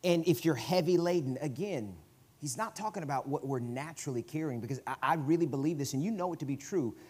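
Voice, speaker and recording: A man with a Southern US accent, a guest preacher giving a conversational sermon in a church, swinging from quiet asides to emphatic, loud bursts. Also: on the high side, quick pace. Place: church sanctuary.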